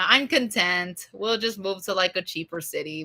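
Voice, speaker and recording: A young woman streaming and chatting with viewers in a loose, rambling way, full of swearing and fillers, her voice a bit hoarse from being sick. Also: mid-range voice, lively intonation, fairly quick, few pauses, bright, forceful tone. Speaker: streamer answering chat. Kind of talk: casual rambling chat.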